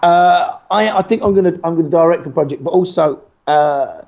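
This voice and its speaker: A man's voice: on the high side, normal speed, gravelly, darkish tone. A man, an actor talking as a guest in a casual interview, who laughs often and keeps restarting his sentences in a playful way.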